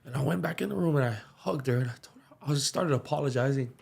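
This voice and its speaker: A young man with a light lilt telling his story earnestly on a podcast, his voice dropping to a hush when it gets emotional. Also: medium pitch, quick pace, vocal fry, slightly rough. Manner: earnest, slips into soft hushed tones when emotional. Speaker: musician and aspiring pastor.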